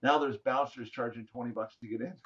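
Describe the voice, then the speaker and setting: A man's voice: mid-range voice, normal speed, slightly rough. Jokey man telling stories, dull audio. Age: middle-aged. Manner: jokey, acts out quoted voices, laughs often. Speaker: podcast guest. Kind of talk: animated storytelling.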